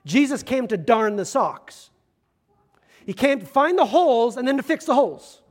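Man, pastor, sermon, high-pitched, casual and funny, emphatic pauses. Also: sing-song. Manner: conversational, self-deprecating humor, emphatic slow stresses.

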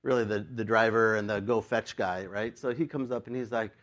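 A male pastor telling a story in his sermon, animated and self-mocking and often laughing. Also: lowish voice, a little fast.

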